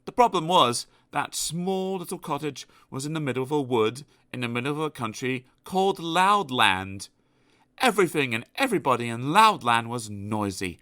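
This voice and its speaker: A man narrating a children's storybook aloud in an expressive, animated storytelling manner. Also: medium pitch, moderate pace, no echo, studio quality. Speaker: audiobook narrator.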